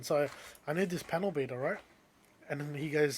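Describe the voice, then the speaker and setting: A young man with an Australian accent and a voice a little above the usual pitch for a man. He talks in loose, animated podcast chat and keeps slipping into the voices of the people in his story. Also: moderate pace, long pauses, a little hiss or hum. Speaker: podcast co-host.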